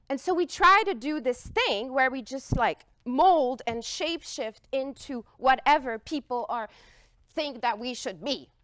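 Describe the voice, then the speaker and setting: A woman giving an expressive, emphatic talk, telling a heartfelt personal story to an audience. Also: high voice, dry recording, studio quality. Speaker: speaker.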